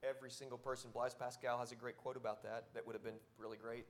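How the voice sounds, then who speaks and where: A man pastor preaching a sermon, exhorting and repeating key phrases, swinging from loud to soft. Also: medium pitch, flat delivery, quick pace. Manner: repetitive, exhortative preaching with wide swings in loudness.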